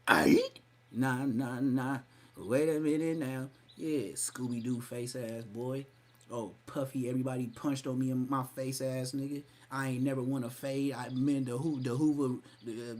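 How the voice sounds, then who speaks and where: A man hosting a live podcast stream, mocking and roasting someone in a profane, rowdy way. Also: medium pitch. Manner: mocking, profane, loud outbursts. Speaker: podcast host.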